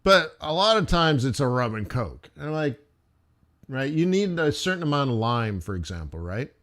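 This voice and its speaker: A man's voice: mid-range voice, sing-song, normal speed, a bit bright. A man hosting a live trading stream, talking in a rambling, chatty way and checking in with his viewers. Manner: rambling, chatty, lots of "like" and "right?". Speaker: forex trading stream host. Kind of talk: casual live-stream chat.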